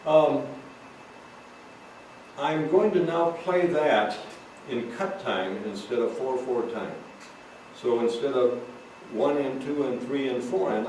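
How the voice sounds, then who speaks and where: A man teaching a drum lesson, calmly explaining rudiments and counting out stickings. He sits well away from the microphone, so his voice rings through a very echoey room. Steady background noise runs under his speech. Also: medium pitch, unhurried. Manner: calls out stickings while playing. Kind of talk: recorded drum lesson, talking between demonstrations. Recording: roomy echo, far from mic, noisy.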